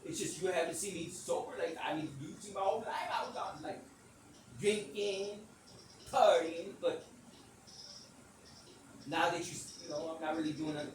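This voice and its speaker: A middle-aged man hosting a podcast, telling a long story in a loose, slangy way with plenty of cursing and acting out quotes in a high voice. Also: normal speed, long pauses, recorded from a distance. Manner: animated, acts out quotes in a high voice. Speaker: podcast host. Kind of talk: casual storytelling monologue. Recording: echoey room, voice off-mic, audible noise.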